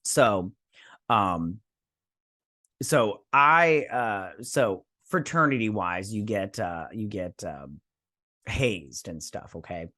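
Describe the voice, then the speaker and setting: A man's voice: on the low side, lively intonation, slow, bright, forceful tone, no room sound, clean studio sound. A man hosting a casual episode review, rambling and sarcastic, acting out the characters' lines as he recaps. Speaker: host.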